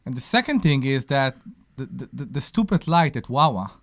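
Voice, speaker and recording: Breathless animated male co-host. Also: mid-range voice. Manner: halting, animated, with restarts. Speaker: radio co-host. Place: radio studio.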